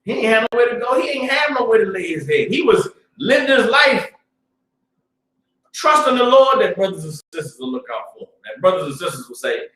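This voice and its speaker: Man, informal preacher, streetwise, muttering then loud bursts, fairly high voice, echoey room, distant mic. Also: big pitch swings, brisk, slight background noise. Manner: streetwise, repeats "you understand?", swings from low mutter to loud bursts. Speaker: religious class teacher. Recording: roomy sound, speaker away from the mic.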